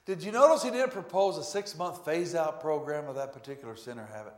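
A male pastor delivering a sermon in a church, preaching emphatically with sudden loud swells. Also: fairly high pitch, fast. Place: church sanctuary. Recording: echoey church room.

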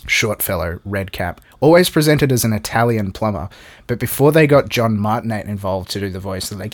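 Man, podcast co-host, casual chat, sweary, lively pitch. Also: brisk. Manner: sweary, laughing, trailing off quietly.

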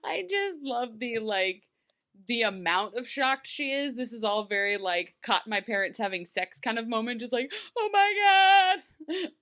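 A woman's voice: on the high side, expressive, normal speed, bright, forceful tone. A woman in her thirties co-hosting a casual chat, laughing often and acting out quotes in shifting voices. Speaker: podcast co-host.

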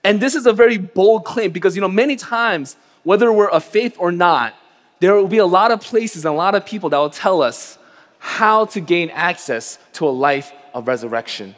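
A man's voice: lively intonation, normal speed. Earnest preaching man in a reverberant hall. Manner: earnest, drops to a hushed low voice on grief and rises sharply on emphasis. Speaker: pastor. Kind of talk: sermon.

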